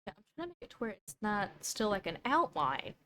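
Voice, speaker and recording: A woman's voice: medium pitch, big pitch swings, brisk, a bit bright, a little hiss or hum. A young woman streamer chatting casually while she draws, thinking aloud and doubting herself as she goes. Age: young adult.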